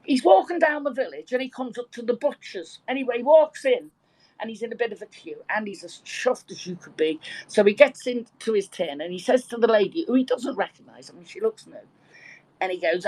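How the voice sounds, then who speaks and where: A woman telling a joke with lively, animated delivery and some swearing in a casual online chat. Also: a little high, a little fast, poor audio. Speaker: participant in an online audio chat room.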